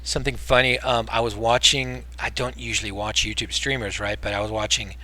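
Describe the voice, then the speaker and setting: A man with an American accent chats casually while streaming a game, talking a little fast in a lowish voice with little pitch movement. He rambles and mumbles, then breaks into loud, exasperated outbursts.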